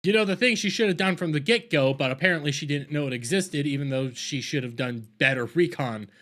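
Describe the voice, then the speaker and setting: A man's voice: a little high, brisk, fairly bright tone. A man reviewing a series on his channel, rambling through a casual episode recap with stammers, repeated words and wry asides. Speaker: video reviewer.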